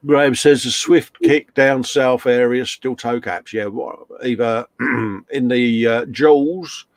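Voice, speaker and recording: A man's voice: mid-range voice, fairly even intonation, slow pace, dry recording. A man co-hosting a casual live stream, chummy and joking as he reads out chat comments. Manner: chummy banter, reads chat messages aloud.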